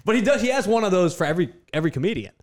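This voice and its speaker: Animated fast-talking male comedian. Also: high-pitched, a crowd in the background. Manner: animated, laughing, acts out quotes. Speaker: podcast co-host, comedian. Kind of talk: casual chat, storytelling.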